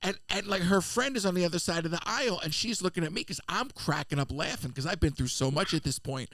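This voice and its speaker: A man, co-hosting a podcast and telling a funny travel story in casual chat, slipping into quick voices of people he met. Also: high-pitched, expressive, a bit bright, dry recording. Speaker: podcast co-host.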